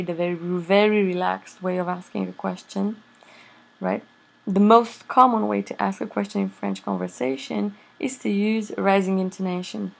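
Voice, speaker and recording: A slow-talking woman teaches a recorded grammar lesson. Her voice is husky with a gravelly edge, and she fills pauses with frequent ums and uhs as she explains. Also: poor audio. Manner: unhurried, with many fillers; models French examples slowly with rising pitch. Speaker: French teacher.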